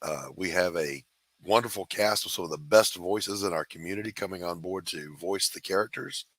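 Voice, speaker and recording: A man hosting a casual show, pitching crowdfunding tiers in an upbeat, matter-of-fact way. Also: moderate pace, a bit bright, dry recording. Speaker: host.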